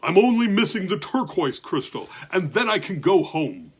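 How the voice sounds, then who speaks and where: A man voicing a jolly, bumbling giant king who exclaims loudly and cheerfully, with a husky voice. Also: high-pitched, very animated, normal speed, full character voice. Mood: jolly booming.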